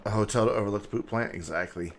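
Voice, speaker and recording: A man's voice: on the low side, rapid-fire, slight background noise. A man streaming a city-building game, joking and rambling as he thinks aloud. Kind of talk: casual gameplay commentary.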